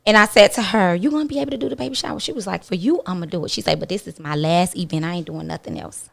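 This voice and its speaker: A woman with a fairly low, gravelly voice talks very fast as a guest on talk radio, candidly telling a personal story. She's animated and acts out other people's lines as she goes, speaking bluntly and swearing casually.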